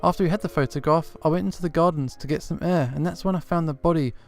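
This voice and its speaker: A man's voice: on the high side, fast, vocal fry. A man voicing a polite, naive young noble cat girl in a prim, chattering way. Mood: childlike.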